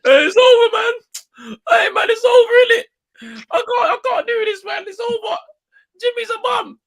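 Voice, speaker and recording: A sobbing, shrieking fan in despair. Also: male voice, very high voice, unhurried, pitched above the performer's own voice, heavily acted, low-quality recording. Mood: wailing despair. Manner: whiny, shouting, exaggerated despair. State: crying. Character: distraught wailing male sports fan, young adult, melodramatic.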